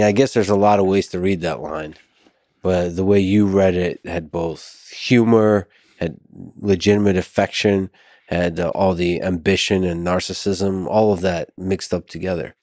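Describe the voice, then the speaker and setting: Deep soft-spoken male interviewer. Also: steady tone, unhurried, no room sound, clean studio sound. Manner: soft-spoken, hesitant, with restarts. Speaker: podcast host. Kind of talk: interview questions.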